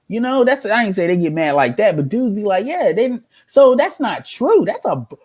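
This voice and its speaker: A man's voice: high voice, big pitch swings, normal speed, hardly any pauses, a little mellow, breathy edge. A man giving casual reaction commentary as a streamer, ranting in a heated, profane way.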